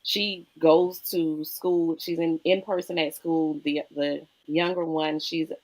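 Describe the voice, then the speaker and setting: Woman host with a low, deep voice, steady and measured in conversation. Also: poor audio. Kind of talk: casual chat.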